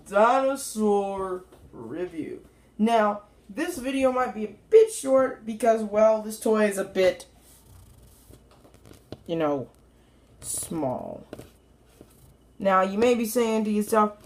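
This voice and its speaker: A woman with a fairly high voice reviews a toy in a loose, chatty way. She rambles and jokes with her viewers, and now and then she talks straight to the toy itself. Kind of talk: casual review talk to camera.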